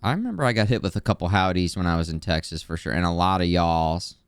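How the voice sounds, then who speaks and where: A man from Missouri streaming a video game live, chatting in a relaxed, playful way with viewers. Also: low-pitched, fast talker, clear, resonant tone, dry recording, studio quality. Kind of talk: casual live gameplay commentary.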